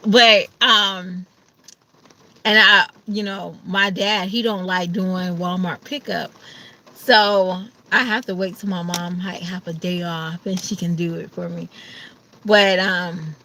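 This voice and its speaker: A woman's voice: on the low side, steady tone, slow, pushed and bright. A woman chatting casually to her viewers, sleepy and ready for bed, acting out her family's voices now and then. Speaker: vlogger. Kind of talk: casual chat to camera.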